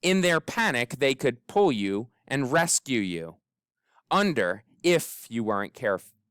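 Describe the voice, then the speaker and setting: A man narrating an audiobook in an expressive, wry storytelling manner. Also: mid-range voice, a little slow, clean tone, no room sound, clean studio sound. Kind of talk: scripted narration.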